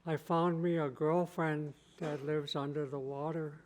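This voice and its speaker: A man's voice: fairly high pitch, little pitch movement, unhurried, natural voice, low-quality recording. A man voicing an earnest young canoe traveler.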